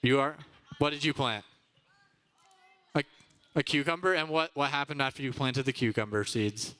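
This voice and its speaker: Speaking at a medium pitch and a normal pace, this young kids' ministry teacher has a smooth, bright, forceful tone. He leads a children's church lesson in the church kids' room before a live audience, staying upbeat and peppering the kids with questions.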